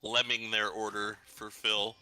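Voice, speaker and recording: A man's voice: fairly low pitch, flat delivery, a little slow, over loud music, low-quality recording. A man on a livestream, chatting casually and rambling with many fillers. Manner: rambling, filler-heavy, laughing asides. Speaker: co-host. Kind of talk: casual stream chat.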